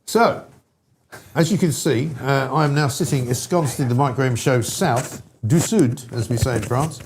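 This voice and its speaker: A man's voice: medium pitch, normal speed, a little hiss or hum. A man hosting a talk show, bantering playfully and mocking himself with a chatty, loose delivery. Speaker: radio talk show host. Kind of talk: jokey studio banter.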